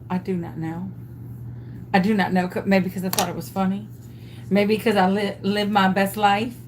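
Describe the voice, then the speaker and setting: A woman chats her way through a funny story while she crafts. She is animated and self-amused, with a mid-range voice. Faint background hiss sits under the recording. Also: mid-range voice. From Louisiana. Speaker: craft vlogger.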